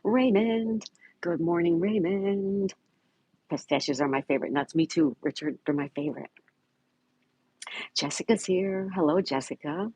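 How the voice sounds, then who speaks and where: Man, livestream host, husky voice, dry close sound, reads chat and greets viewers. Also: sits high, a little slow, pauses often, darkish tone, no room sound, rough recording. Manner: reads viewer comments aloud and greets chatters by name. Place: home in Florida.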